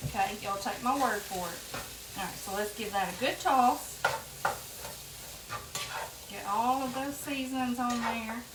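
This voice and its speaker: A woman's voice: fairly high pitch, a little slow, pauses often, heavy background noise. A woman hosting a casual home cooking demonstration, chatting to viewers as y'all. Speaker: home cooking show host. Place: home kitchen. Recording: echoey kitchen, mic from a distance. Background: sizzling and frying on the stove.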